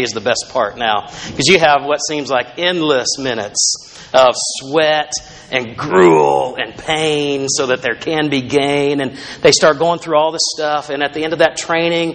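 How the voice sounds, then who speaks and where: A man's voice: medium pitch, fairly bright tone. A male pastor preaching a sermon in a conversational, storytelling way, with asides to the congregation.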